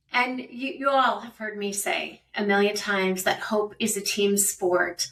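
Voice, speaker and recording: A woman's voice: mid-range voice, fairly bright tone, recorded from a distance. A middle-aged woman hosting an interview podcast, encouraging and affirming her guest with frequent amens. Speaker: podcast host.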